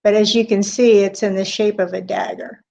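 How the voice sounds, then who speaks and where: A woman hosting a live stream as a medium. She talks off the cuff with many pauses and fillers, and greets chat viewers by name. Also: medium pitch, steady tone, gravelly, darkish tone. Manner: hesitant, with frequent pauses and fillers. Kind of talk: unscripted live-stream talk. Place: indoor room. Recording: dull lo-fi webcam audio.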